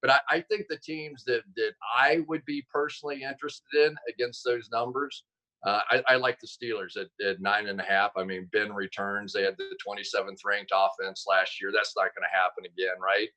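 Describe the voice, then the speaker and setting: A man telling stories as a guest on a video call, animated and quick to correct himself mid-sentence. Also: lowish voice, rough recording. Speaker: guest, football analyst. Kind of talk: casual interview chat.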